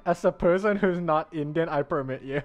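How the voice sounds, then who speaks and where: Faint lofi music plays behind a man streaming a game, his voice a little high and his pace normal. He chats casually with viewers and laughs often.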